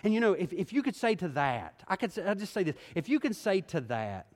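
A middle-aged male pastor preaching a sermon, moving from quiet scripture reading to emphatic exhortation. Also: high-pitched, sing-song, brisk. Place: church sanctuary. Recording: hall reverb.

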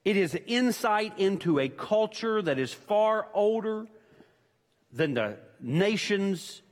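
A man's voice: sits high, lively intonation, slow pace. Man, pastor, emphatic sermon, repeats his points, long church-hall reverb. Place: church sanctuary.

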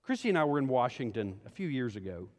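A middle-aged male pastor preaching a sermon, moving from quiet scripture reading to emphatic exhortation. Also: mid-range voice, big pitch swings, fast talker. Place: church sanctuary. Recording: hall reverb.

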